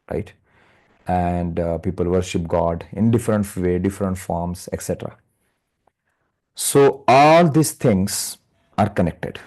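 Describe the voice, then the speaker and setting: A man's voice: lowish voice, mellow. A man with an Indian English accent gives a live spiritual lecture over a video call, chatty and checking in with the class with "right?" and "yes or no?". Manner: conversational, keeps asking the class "right?" and "yes or no?". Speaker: meditation course instructor. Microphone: computer or phone mic on a video call.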